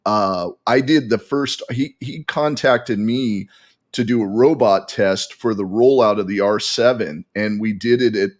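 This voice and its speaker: A man as a podcast guest, telling a story in animated casual chat with frequent restarts. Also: fairly low pitch, unhurried.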